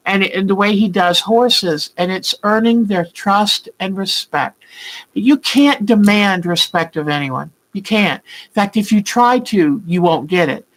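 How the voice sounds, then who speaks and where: A woman's voice: medium pitch, a bit bright, poor audio. An older woman hosting a quilting channel, chatting casually and heartfelt with her viewers, calling them by name and often laughing with emotion. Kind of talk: casual live chat with viewers.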